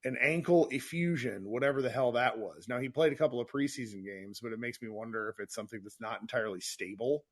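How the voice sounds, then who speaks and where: A man's voice: mid-range voice, fast, few pauses. Guy hosting a live sports call, chatty and rambly, keeps restarting his sentences. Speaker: podcast host. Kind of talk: casual live sports chat.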